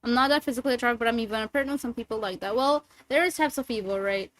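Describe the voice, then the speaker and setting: A young woman streamer chatting casually with her viewers, playful and teasing, sometimes giving soft, gentle affirmations. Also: fairly high pitch, racing, rough recording. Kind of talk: casual livestream chat with viewers.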